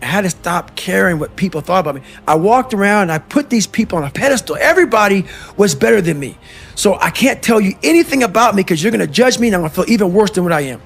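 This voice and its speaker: A man's voice: sits high, animated, fast, creaky, husky. A middle-aged man from the United States giving blunt, profane motivational talk and calling listeners "man" and "bro". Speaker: motivational speaker. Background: faint music.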